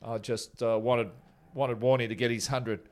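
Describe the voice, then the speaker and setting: Relaxed man, forties, yarn-spinning interview guest, mid-pitched voice, easygoing delivery. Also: normal speed. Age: 40s. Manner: chatty and laid-back, with many restarts. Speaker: former teammate telling stories. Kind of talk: casual anecdotal interview.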